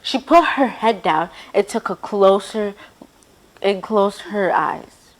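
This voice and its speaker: A woman hosting a children's show, reading a storybook aloud in a clear, gentle way. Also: mid-range voice, lively intonation, slow, rough recording.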